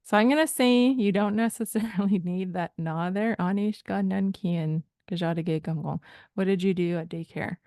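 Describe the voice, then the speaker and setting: A woman from Rama First Nation in Canada explaining language points in a thoughtful, hesitant way, often pausing to search for words. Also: medium pitch, mellow, no echo. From Rama First Nation, Ontario, Canada. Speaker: language teacher.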